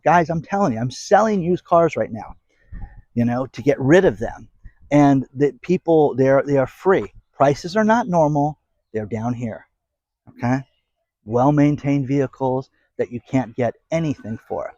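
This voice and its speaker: A man's voice: mid-range voice, expressive, unhurried, darkish tone, dry recording, lo-fi sound. A man hosting a casual commentary channel, rambling and sarcastic as he talks straight to his viewers. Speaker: host of an economy commentary channel.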